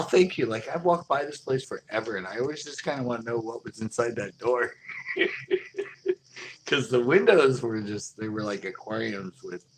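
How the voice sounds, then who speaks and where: A man's voice: on the low side, a bit bright, a little hiss or hum. A man hosting a live stream, telling a story in a rambling, loose way with frequent laughter. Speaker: fishing channel host.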